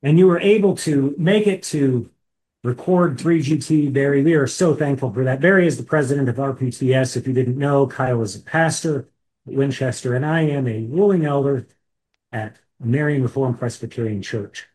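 A man's voice: medium pitch, normal speed, darkish tone. A man, co-hosting a casual podcast chat with joking asides and restarts. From Indiana. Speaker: podcast co-host.

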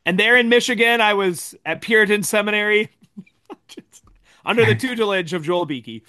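A pastor with a faint Minnesotan accent, chatting playfully as a podcast co-host. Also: male voice, high voice, pushed and bright, dry recording, studio quality. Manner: playful, quick with jokes. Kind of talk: casual chat.

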